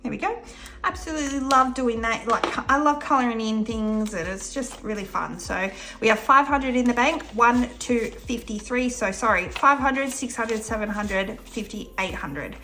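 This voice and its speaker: Australian woman, young adult, Australian accent; crisp bright delivery, chatty and upbeat vlog host. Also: on the high side, normal speed, slight background noise. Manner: chatty and upbeat, counting cash aloud. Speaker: budgeting vlogger. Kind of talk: casual vlog narration.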